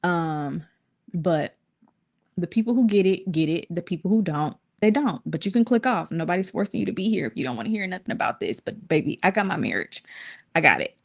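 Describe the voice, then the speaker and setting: A woman in her thirties telling a personal story to her viewers in casual, colloquial talk, with her pitch jumping up when she acts out quotes. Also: brisk. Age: 30s. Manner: lively, colloquial, swings into high acted voices for quotes.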